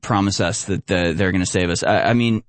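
A man's voice: sits low, fairly quick, no room sound. Guy ranting loosely about clips, sarcastic, dry sound. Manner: rambling, hesitant, sarcastic. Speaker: commentator. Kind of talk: casual commentary.

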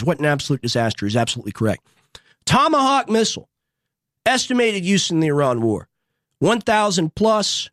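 A young show host giving a fervent, preachy political monologue with rallying repeated lines and big swings in pitch and loudness, in a studio. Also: dry recording. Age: young adult.

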